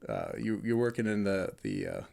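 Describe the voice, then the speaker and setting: A man's voice: lowish voice, huge pitch swings, moderate pace, creaky, dark tone. A man co-hosting a podcast in casual chat, laid-back, chuckling often, with a lot of ums. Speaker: podcast co-host.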